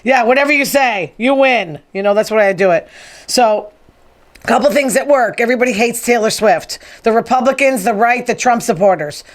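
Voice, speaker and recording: A woman's voice: on the high side, normal speed. Chatty, opinionated woman host. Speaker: podcast host. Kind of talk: casual monologue.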